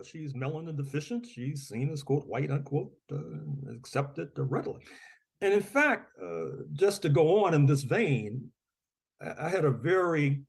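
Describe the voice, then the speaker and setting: A man's voice: on the high side, expressive, measured pace. A man speaking as an author and guest on a podcast interview, discursive, often repeating his words and giving wry chuckles.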